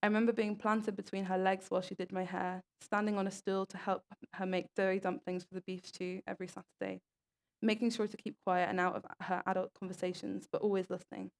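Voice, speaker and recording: A woman's voice: medium pitch, little pitch movement, fairly quick. A young woman giving a talk at an event, reading stories aloud in an earnest way and tripping over a word now and then. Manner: earnest, with small stumbles and restarts. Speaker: speaker at an event.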